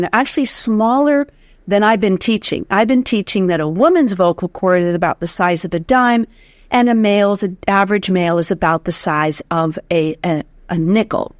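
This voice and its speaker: A medium-pitched woman is heard in a dry, studio-quality recording. During an interview she walks through how the vocal folds and breath support work, showing examples herself with lively energy and counting aloud for breath drills.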